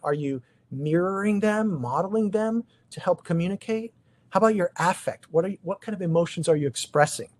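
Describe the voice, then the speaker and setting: A middle-aged man, a chiropractor, giving an informal seminar talk to colleagues, conversational and animated, firing off rhetorical questions at his listeners. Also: a little high. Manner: animated, asks the audience many rhetorical questions; loose, conversational, with frequent restarts. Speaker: chiropractor presenting a practice seminar.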